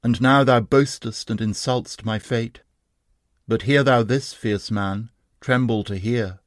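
A man reading a defiant young wounded warrior's speech in a slow, measured, archaic declaiming manner. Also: mid-range voice, steady tone, no echo, clean studio sound, natural voice. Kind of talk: poetry reading.

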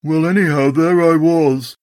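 A man voicing a gloomy, sarcastic old male donkey with a slow, mournful drawl, in a storybook reading. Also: a little high, steady tone, darkish tone, no room sound, studio quality, pitched above the performer's own voice, close to an everyday voice.

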